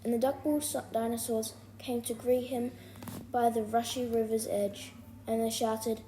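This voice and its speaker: A woman reading a rhyming children's storybook aloud in an expressive, rhythmic way. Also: a little high, normal speed, a little hiss or hum. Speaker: storybook reader.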